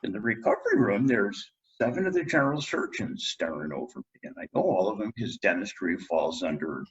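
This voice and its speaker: A man's voice: fairly low pitch, brisk, slightly rough, lo-fi sound. A middle-aged man, a guest dentist, telling a personal story in a podcast interview and acting out what people said. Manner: animated storyteller, acts out quotes.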